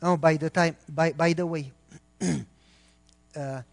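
A man's voice: on the high side, fairly even intonation, slow, creaky, in a large hall, faint music behind. A middle-aged man, preaching a sermon as a pastor and quizzing the congregation with emphatic questions.

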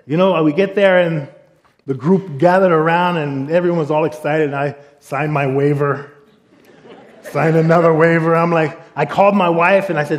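A middle-aged man preaching, telling a humorous personal story with lively quoted dialogue. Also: a little high, normal speed. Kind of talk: storytelling sermon.

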